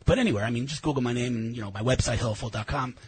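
A man speaking as a guest on a radio talk show, arguing with passion and rising to an intense pitch. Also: very fast, a little hiss or hum. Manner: impassioned, rising to near-crying intensity. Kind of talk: radio interview. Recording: radio broadcast.

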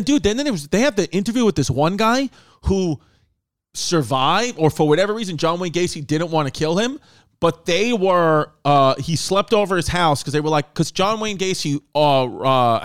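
Male podcast host, rambling storyteller, slightly high voice, dry close sound. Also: lively intonation, normal speed, clean tone, no echo. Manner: rambling storytelling with many fillers and restarts. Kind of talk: casual chat.

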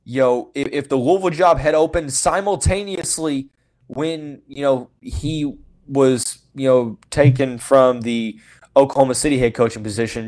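A man hosting a solo sports podcast, giving frank opinions in a loose, rambling way full of "you know" fillers. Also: on the high side. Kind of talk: casual solo sports commentary.

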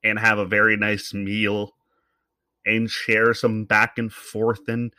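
A man's voice: lowish voice, completely flat delivery, slow pace, sharp tone, no echo. A man hosting a solo podcast, talking bluntly and with some swearing in an opinionated, rambling monologue into a podcast microphone. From Canada. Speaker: podcast host.

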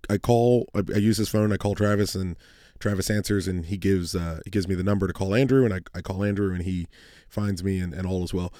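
A young man with a somewhat low voice tells a long, rowdy story to his co-host, swearing and laughing as he goes. The sound is dry and close, with no room around it. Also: dark tone, dry recording. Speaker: podcast co-host. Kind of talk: casual chat, storytelling.

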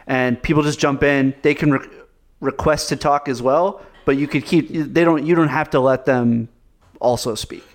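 A man's voice: medium pitch, fairly even intonation, normal speed. A man co-hosting a podcast, talking casually and rambling with lots of fillers. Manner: rambling, heavy use of "like". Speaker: podcast co-host.

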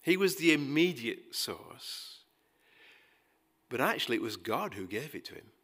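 A man preaching a sermon, emphatic, rising to loud pleading passages and dropping quiet again. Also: medium pitch, very animated, measured pace, slightly rough. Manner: acts out quoted dialogue with dry humor.

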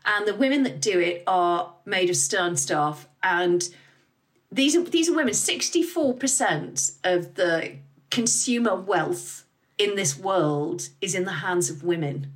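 A middle-aged woman talks frankly and with energy as a podcast guest, dropping the odd swear word. Her voice sits a little low for a woman. She tells stories with animation. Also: takes it slowly. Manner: candid, lively, swears freely. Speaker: guest, business founder. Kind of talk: casual interview talk.

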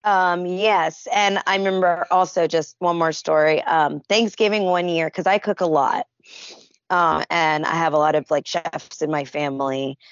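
Woman, lowish voice, animated anecdote teller, close and dry, lo-fi. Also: moderate pace, clear, resonant tone, no echo. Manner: animated storyteller, acts out quotes. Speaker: friend sharing memories. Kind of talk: casual memorial remembrance.

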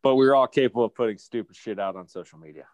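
Wry podcast co-host from Ohio. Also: male voice, medium pitch, quick pace, darkish tone, dry recording, dull audio. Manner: dry, wry remarks. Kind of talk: casual sports podcast chat.

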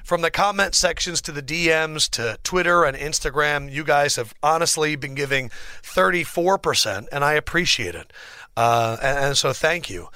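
A young man hosting a sports podcast as a lively solo monologue, theatrical and excitable, swinging between big outbursts and mock gloom. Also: on the high side, no room sound. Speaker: podcast host. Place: podcast studio.

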